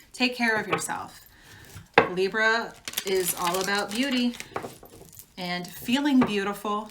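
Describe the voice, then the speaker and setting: A woman's voice: on the high side, background noise. A woman giving a casual tarot reading, talking frankly in a chatty way and laughing often. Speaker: tarot reader.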